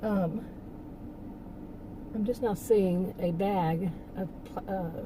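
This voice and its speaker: A woman's voice: mid-range voice, slow pace, background noise. A woman talking casually in a rambling monologue, laughing often and restarting her sentences. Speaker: channel host.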